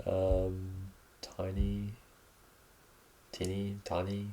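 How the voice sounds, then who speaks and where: Deep-voiced young Australian man rambling. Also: monotone, extremely slow, mellow, slight background noise. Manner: rambling, laid-back, many ums. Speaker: podcast host. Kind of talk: casual solo podcast chat.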